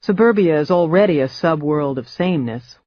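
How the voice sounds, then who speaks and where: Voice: mid-range voice, lively intonation, normal speed, dry recording, lo-fi sound. Dry, wry audiobook narrator. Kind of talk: scripted narration.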